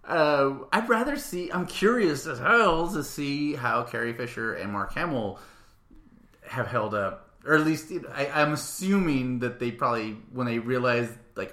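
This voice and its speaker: A man co-hosting a casual chat, animated and joking, slipping into quick impressions. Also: medium pitch, echoey room. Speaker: podcast co-host.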